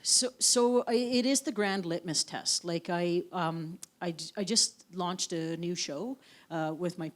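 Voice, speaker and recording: A woman's voice: lowish voice, measured pace. A woman from the Yukon, an author in an onstage conversation, telling frank family anecdotes with casual swearing. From Yukon, Canada. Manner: anecdotal storyteller, frank and profane. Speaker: author guest. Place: live event on stage.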